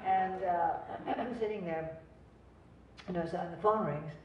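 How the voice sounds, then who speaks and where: A woman's voice: lowish voice, takes it slowly, a crowd in the background. An older actress telling chatty, digressive stories at a cinema event, laughing at her own jokes. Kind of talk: rambling anecdotal storytelling. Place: cinema venue before an audience. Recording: distant roomy lo-fi venue recording.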